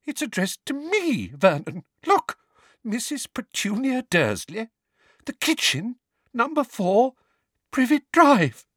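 A man voicing a shrill, snappish middle-aged woman with a trembling voice. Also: wildly swooping pitch, slow pace, fairly bright tone, no echo, studio quality, full character voice. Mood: frightened.

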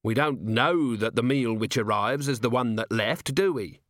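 A hard-driving veteran watch commander, as a male narrator plays him, who thinks aloud in brisk bursts and keeps firing probing questions. His voice sits a little above the narrator's own and is read close and dry. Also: medium pitch, fairly bright tone, no room sound, lightly acted. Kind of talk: audiobook character voice.

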